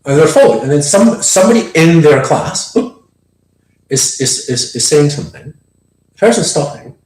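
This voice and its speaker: A man in casual conversation, animated and laughing, often acting out what people say and restarting sentences. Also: on the high side, normal speed. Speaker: podcast co-host. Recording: roomy echo.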